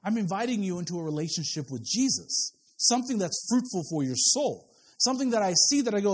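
High, husky middle-aged male preacher. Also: very animated, fairly quick. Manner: conversational preaching, frequent word repeats and restarts. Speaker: pastor. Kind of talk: sermon. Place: church sanctuary with pews.

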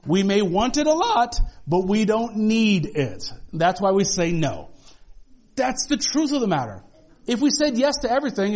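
Man, high voice, pastor, conversational sermon, jokey asides, church congregation. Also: a little mellow. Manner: conversational preaching with humorous asides.

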